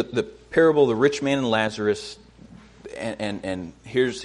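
A man preaching a sermon in an earnest way, often repeating words as he starts a phrase and rising in pitch to stress a point.

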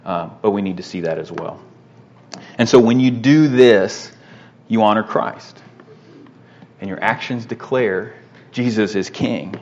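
A man teaching a Bible lesson in a conversational way, often pausing with fillers and asking "right?". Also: fairly low pitch, a little mellow, dull audio.

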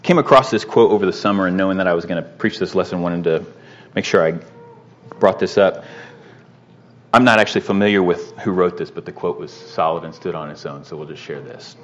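A man teaching a Bible lesson in a conversational way, often pausing with fillers and asking "right?". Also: sits low, dull audio.

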